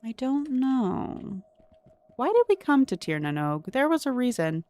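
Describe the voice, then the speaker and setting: A woman's voice: a little high, huge pitch swings, a little fast, darkish tone, no echo. A young woman streaming a cozy game, chatting with viewers and thinking aloud in a curious, talkative way. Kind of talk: casual gameplay commentary.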